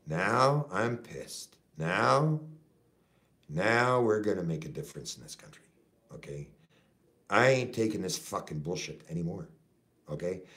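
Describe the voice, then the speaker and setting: Middle-aged canadian guy going off on a cussing rant, lowish voice, says okay a lot. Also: creaky. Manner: profane, repetitive, keeps saying okay. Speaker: activist vlogger. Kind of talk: impassioned rant to camera.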